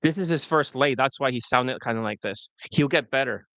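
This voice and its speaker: A man's voice: mid-range voice, brisk, fairly bright tone, no room sound. A man working as a dating coach, talking loosely and profanely through a screen recording, full of fillers. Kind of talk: casual commentary over a screen recording.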